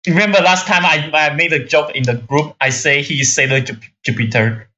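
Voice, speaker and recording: A man's voice: a little high, fairly even intonation, brisk, bright, forceful tone. A man co-hosting a podcast in casual chat, playful and teasing, often cutting in. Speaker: podcast co-host. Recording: dull lo-fi mic.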